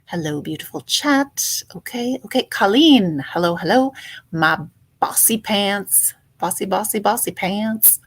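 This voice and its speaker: Woman, slow unhurried delivery, casual livestream chat, greets viewers by name. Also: mid-range voice, expressive, slightly rough. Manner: chatty, greets viewers warmly by name, playful. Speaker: livestream host.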